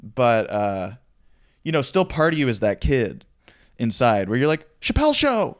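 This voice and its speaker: A young adult man from Philadelphia hosting a relaxed conversation. His voice is clean and even and sounds close and dry. He thinks out loud and pokes a little fun at himself. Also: medium pitch, a little slow, clean tone, no room sound. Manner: reflective, self-deprecating, asks the guest questions. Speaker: podcast host, comedian. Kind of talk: casual chat.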